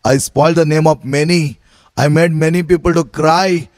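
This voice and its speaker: A man's voice: fairly high pitch, fairly even intonation, moderate pace, no echo, close to an everyday voice. Older village gossip woman, pleading and indignant by turns, played by a male preacher.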